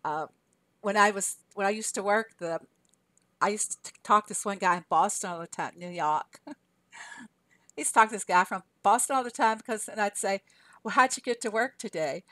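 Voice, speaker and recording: This older Southern game streamer from Arkansas talks fairly quickly in a mid-range voice that sounds pushed and bright. She keeps things casual on her live stream, often laughing and reading her chat aloud, and there's no room sound.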